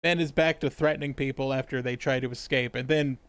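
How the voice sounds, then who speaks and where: A man's voice: medium pitch, fairly even intonation, brisk, smooth, no echo. A man co-hosting a podcast, recapping a TV episode in casual chat, swearing constantly and laughing a lot. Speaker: podcast co-host.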